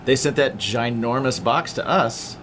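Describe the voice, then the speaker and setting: A man's voice: medium pitch, a little slow, a bit bright, a little hiss or hum. A man co-hosting a podcast, doing sponsor reads in upbeat, casual chat. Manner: upbeat, enthusiastic, says "dude" a lot. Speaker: podcast co-host.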